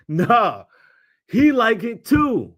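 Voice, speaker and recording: 男性の動画リアクション解説者、あざけるような口調. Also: male voice, extremely slow. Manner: animated, mocking, swings from low mutters to loud outbursts. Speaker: commentator reacting to clips. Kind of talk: casual reaction commentary.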